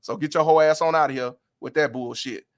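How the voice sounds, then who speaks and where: A man's voice: on the high side, quick pace. A man hosting a livestream, ranting bluntly and profanely in heated commentary. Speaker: livestream host.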